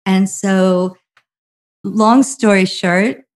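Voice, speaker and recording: A middle-aged woman from New Jersey telling a long story as a guest, animated and full of fillers, acting out other people's quotes. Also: medium pitch, drawn-out words. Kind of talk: casual anecdotal storytelling.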